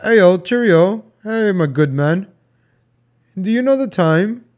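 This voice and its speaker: A man voicing a polite old-time gentleman in a mock-posh, exaggerated way. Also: sits high, animated, takes it slowly, pitched above the performer's own voice.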